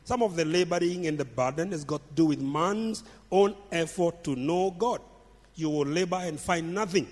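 A man preaching a midweek sermon in a fairly high voice, pressing his points by repeating phrases. His words ring out with a long reverb trailing behind them, as if he is in a church hall. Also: moderate pace. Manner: emphatic, repeats phrases for stress. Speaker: pastor.

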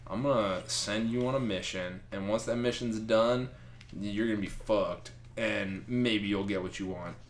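A scheming male trickster god speaks low and hushed, his threats slipping out in a near-murmur. A man puts him on in a low voice during a casual comic retelling. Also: measured pace, a little hiss or hum, natural voice. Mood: menacing.

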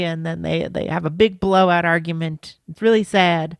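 A man's voice: high voice, fairly even intonation, moderate pace, hardly any pauses, dry recording, clean studio sound. A man co-hosting a podcast, retelling a film plot in loose, laughing casual talk. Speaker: podcast co-host.

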